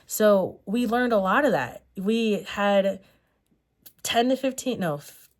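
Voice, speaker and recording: A woman's voice: medium pitch, animated, measured pace. A young adult woman talking in a sit-down vlog chat, earnest and rambling, often correcting herself with fillers. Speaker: vlogger.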